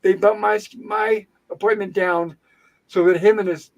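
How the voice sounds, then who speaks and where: A high-pitched man hosting an open-mic livestream. He tells his story in an animated, indignant way, venting as he goes, in a loose conversational style. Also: unhurried, vocal fry, muffled recording. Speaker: livestream host. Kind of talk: casual storytelling chat. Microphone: home livestream setup.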